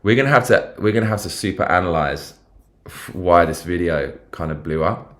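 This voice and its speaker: A London man hosts a casual livestream in a low, animated voice at a moderate pace. He rambles through the news and viewer comments, swearing freely and using plenty of slang.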